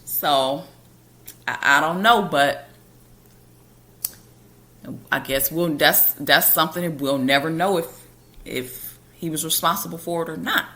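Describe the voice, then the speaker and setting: Casual low-voiced woman telling a story. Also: unhurried, pauses often, pushed and bright. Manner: casual and conversational, with loose colloquial grammar. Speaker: podcast host telling a personal story.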